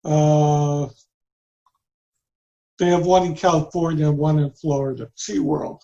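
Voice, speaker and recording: Gravelly, mellow middle-aged man. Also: fairly high pitch, dull audio. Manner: relaxed, halting, chimes in briefly. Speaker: podcast co-host. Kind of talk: casual chat.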